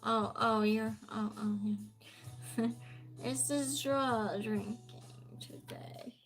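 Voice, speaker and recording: A woman's voice: fairly high pitch, steady tone, slow pace, over music. A woman hosting a live trivia stream, reading questions aloud and chatting with viewers.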